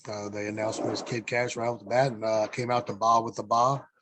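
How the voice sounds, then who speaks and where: A man's voice: lowish voice, level tone, fairly quick, background noise. A middle-aged man, a former wrestler, telling rambling stories as a podcast guest, with frequent fillers and some cursing. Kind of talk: casual storytelling interview.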